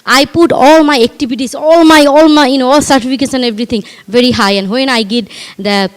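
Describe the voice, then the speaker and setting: A middle-aged woman with a Bangladeshi accent and a high voice addresses a live audience as a parenting coach. She is animated and emphatic, and she piles up rhetorical questions and repeats her points. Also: fairly quick. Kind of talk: speech at a live community event. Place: community event before a live audience.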